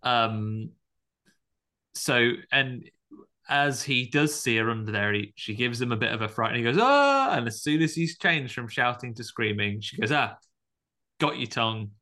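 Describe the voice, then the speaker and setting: A man's voice: medium pitch, normal speed, pushed and bright. A man co-hosting a podcast, casually recapping a horror film and acting out the characters' lines. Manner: chatty, acts out quoted lines with bursts of voices. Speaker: podcast co-host.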